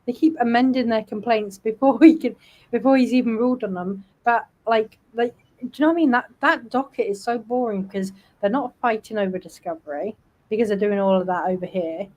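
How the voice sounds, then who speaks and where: A woman's voice: on the high side, fairly quick, darkish tone, dull audio. A British woman hosting a casual livestream panel chat, talkative and snarky, often breaking into laughter. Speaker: livestream host.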